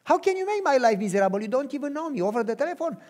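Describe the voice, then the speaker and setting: A man's voice: very high-pitched, expressive, rapid-fire, voice pushed up. A man acting out a scornful, defiant young woman. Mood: indignant. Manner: indignant, incredulous retorts.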